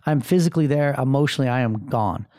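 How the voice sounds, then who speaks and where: A man's voice: mid-range voice, fast talker, dark tone. A man in his thirties hosting a podcast, talking bluntly and with a lot of swearing and filler words in a rambling motivational monologue. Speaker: podcast host.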